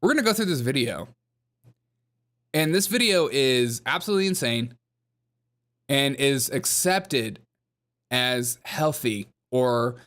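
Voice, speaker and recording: With a mid-range, expressive, slightly bright voice, this comedy news host speaks a little slowly and leaves long pauses. He mocks his subjects sarcastically and imitates them in whiny voices.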